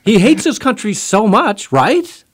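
A man's voice: high voice, sing-song, a little slow. A man co-hosting a political talk radio show, provocative and playful as he argues.

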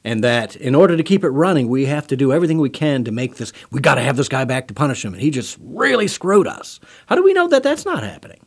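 Talk radio co-host, man, animated pitch, playful devil's advocate. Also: fast, few pauses. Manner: provocative, playful, argumentative. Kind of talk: political talk radio discussion.

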